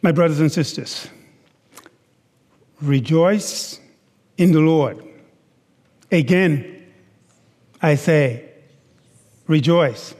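A man preaching a sermon, slow and deliberate, stressing words and asking the congregation rhetorical questions. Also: fairly high pitch, a little mellow. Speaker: pastor. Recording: long hall reverb.

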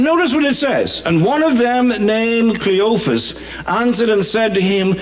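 Animated Bahamian preacher with lively swings. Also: male voice, high-pitched, moderate pace, hardly any pauses. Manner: animated, dramatic voice swings and humor. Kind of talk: sermon.

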